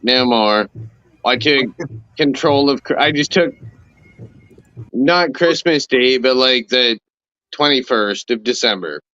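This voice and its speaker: A man from Canada co-hosting a podcast, chatting casually in a relaxed, rambling way full of fillers. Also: mid-range voice, slow, long pauses, dry recording, lo-fi sound. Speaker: podcast co-host. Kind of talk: casual chat.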